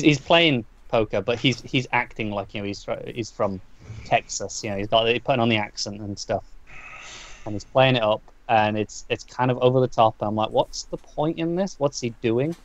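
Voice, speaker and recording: Man recapping comics in dull lo-fi sound. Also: mid-range voice. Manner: rambling recap with frequent restarts and fillers. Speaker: podcast co-host. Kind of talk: casual comic book review chat.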